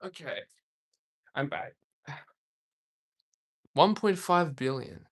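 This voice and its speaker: A man's voice: a little high, sing-song, very slow. A young man from Australia, casually chatting on a livestream, rambling and reading viewer comments aloud with frequent laughs. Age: young adult. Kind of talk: casual live-stream chat.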